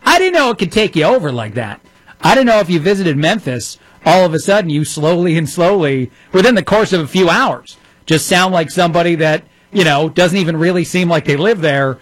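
Man, political commentary host, sarcastic and mocking, slightly high voice, dry close sound. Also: lively intonation, a little fast, dry recording, rough recording. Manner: sarcastic, mocking, plays clips and reacts.

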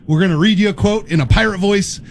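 Playful high-voiced radio co-host man. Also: quick pace, vocal fry, noisy background. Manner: playful, jokey, drops in pirate growls. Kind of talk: joking morning radio banter.

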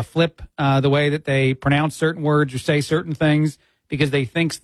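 A man's voice: fairly high pitch, no room sound. A man filling in as a radio host, giving opinionated commentary with frequent "uh" fillers into a studio mic.

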